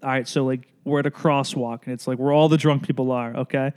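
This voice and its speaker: A man's voice: medium pitch, fast, smooth. A man co-hosting a casual podcast chat, telling funny stories and acting out the people in them. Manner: animated storyteller, acts out drivers and friends. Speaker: podcast co-host.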